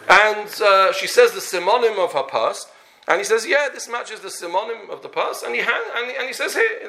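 Man, storytelling lecture, animated character voices, Yiddish and Hebrew terms, gravelly, fairly high. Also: a little hiss or hum. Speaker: Torah teacher.

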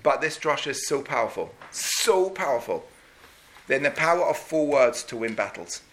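Bright-voiced man preaching a story. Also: very animated, normal speed, slight background noise. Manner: dramatic, sweeping pitch, Hebrew terms woven in. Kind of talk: storytelling sermon.

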